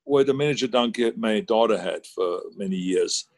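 A man's voice: lowish voice, moderate pace, dry recording. A man, chatting casually as a guest on a video call, rambling with many fillers and restarts. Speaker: guest, former governor.

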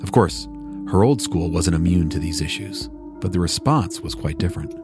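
A man reading scripted documentary narration in a measured, even way as the podcast narrator. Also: low-pitched. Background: music bed.

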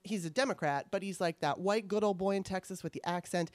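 A woman's voice: mid-range voice, a little fast, darkish tone, dry recording. A woman hosting a casual chat, talking candidly and in a rambling way, with casual swearing. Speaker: podcast host. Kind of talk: casual conversation.

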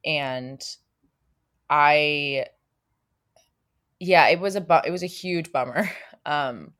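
Brief: deep-voiced woman, stage actress as guest, loose and chatty with plenty of "um" and "like". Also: takes it slowly, a bit bright. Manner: chatty, many fillers and restarts. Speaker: stage actor, interview guest. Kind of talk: casual interview chat.

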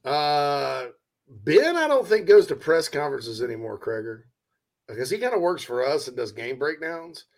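A man's voice: a little high, big pitch swings, moderate pace. A man from South Carolina with an Upstate accent, hosting a casual sports talk show and reading listener comments in a chatty, self-mocking way.

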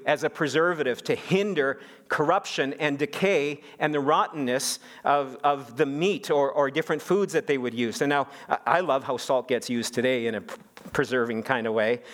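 A middle-aged pastor delivers a sermon in an animated way. He stumbles over repeated words and then climbs into emphatic, higher-pitched peaks.

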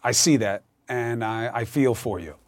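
A man's voice: mid-range voice, normal speed, dry recording. A man hosting a news show, introducing stories and guests in an emphatic, conversational way. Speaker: host. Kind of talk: news commentary and interview.

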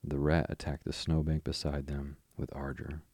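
A man reading a story aloud for sleep, calm and even. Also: very deep voice, moderate pace, breathy edge, dry recording. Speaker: podcast host and reader. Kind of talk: slow bedtime story narration.

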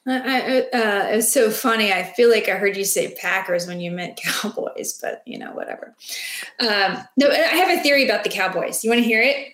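A woman co-hosting a casual sports chat, talking in an animated, playful, rambling way. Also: medium pitch, brisk, roomy sound. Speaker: sports podcast co-host.

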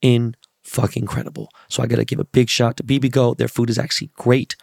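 A middle-aged man hosting a casual solo podcast, hoarse from losing his voice, talking in a loose, profane, hyped way with plugs and shout-outs. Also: medium pitch, little pitch movement, fast, dry recording, clean studio sound. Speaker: podcast host.

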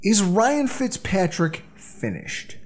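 A man hosting a sports podcast, running through the game preview with animated, dramatic delivery. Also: sits high, slow. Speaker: podcast host. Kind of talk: excited sports podcast banter.

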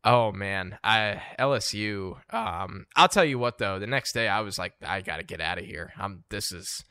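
A man from New Jersey co-hosting a podcast, telling a story with lively laughs. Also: lowish voice, unhurried, smooth, dry recording. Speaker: podcast co-host. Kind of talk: casual chat.

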